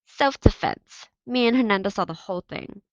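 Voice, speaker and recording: A woman's voice: mid-range voice, a little fast, a bit bright, no room sound, highs cut off, lightly acted. A woman reading aloud and voicing a cocky, mocking teenage boy who leads the soccer team. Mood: swaggering. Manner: taunting, swaggering.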